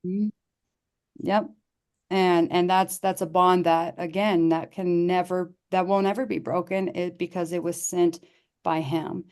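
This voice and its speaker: Heartfelt and earnest, a middle-aged podcast guest tells a personal story conversationally, repeatedly starting sentences over and voicing what others said. She speaks a little slowly in a lowish, darkish voice that barely shifts in pitch.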